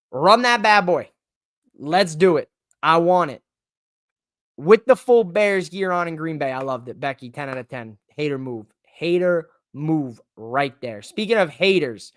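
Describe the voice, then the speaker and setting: A man hosting a live-streamed podcast in a casual, excitable, rambling way, with emphatic bursts. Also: on the high side, dry recording, studio quality. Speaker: podcast host.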